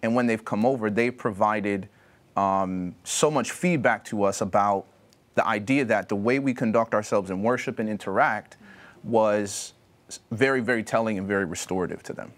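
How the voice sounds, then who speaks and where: Lower-voiced man telling a family story. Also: normal speed. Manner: relaxed storytelling, many fillers. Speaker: panelist. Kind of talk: personal story in a panel discussion.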